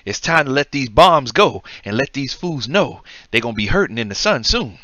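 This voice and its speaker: A man's voice: medium pitch, big pitch swings, normal speed, bright, forceful tone, no room sound, muffled recording. A man voicing a cocky heavyweight boxer, commentating a game in character with taunting, rhyming trash talk. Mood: scheming. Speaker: gaming commentator.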